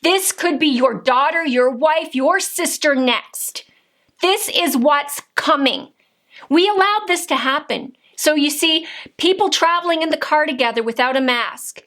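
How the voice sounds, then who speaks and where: A high-pitched woman speaks straight to camera in an angry political rant. She is indignant and combative, firing rhetorical questions and direct accusations. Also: lively intonation, a little slow, fairly bright tone. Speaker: political vlogger.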